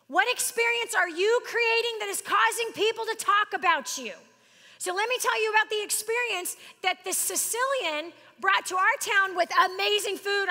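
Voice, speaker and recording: A middle-aged woman speaks from the stage with a high, bright voice that carries. She talks to the audience in an animated, joking way, and her words ring out with the long reverb of a big hall. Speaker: business speaker. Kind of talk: live seminar talk.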